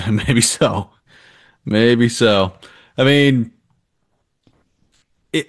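A man co-hosting a sports chat, pressing his opinions with emphasis. He leans on filler words as he thinks aloud. His voice has a middle pitch. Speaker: sports podcast co-host. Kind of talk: casual sports talk.

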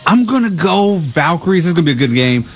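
A man's voice: fairly high pitch, very animated, fast, faint music behind. A man guesting on a sports radio show, making easygoing picks in casual chat. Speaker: radio guest picking games.

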